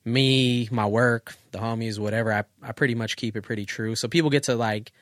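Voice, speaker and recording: A man's voice: medium pitch, steady tone, a little fast, fairly bright tone, no echo, clean studio sound. A man in his thirties, a photographer, chatting casually and reflectively on a podcast, loose and full of profanity. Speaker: guest photographer.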